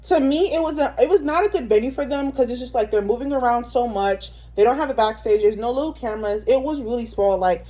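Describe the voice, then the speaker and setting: A woman's voice: fairly high pitch, fast talker, hardly any pauses, dark tone. A young woman in casual chat, giving a blunt, slangy account of a concert. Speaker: concert reviewer.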